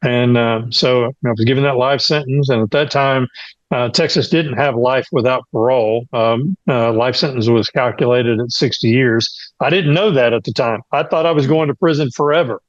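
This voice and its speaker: A man's voice: medium pitch, moderate pace, no echo, highs cut off. A man giving an earnest personal testimony as a guest, with frequent fillers. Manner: earnest storytelling, many fillers.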